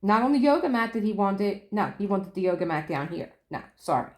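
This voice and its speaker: Woman, casual storyteller vlogging from home; animated retelling with laughs, room echo audible. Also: medium pitch, fairly quick. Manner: chatty, acts out quoted dialogue, laughs often. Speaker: diamond painting vlogger.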